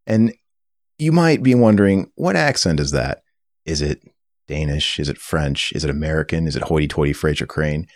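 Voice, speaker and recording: A man hosting a casual podcast chat across a table, energetic and rambling with fillers. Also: very deep voice, normal speed, no room sound, studio quality. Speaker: podcast host. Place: table in a room.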